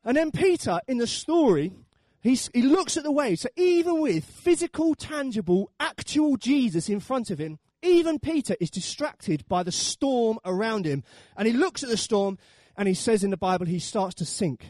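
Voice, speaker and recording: A man's voice: very high voice, big pitch swings, normal speed, a little mellow, dry recording, studio quality. A man preaching a sermon, telling the story with animation and acting out the voices.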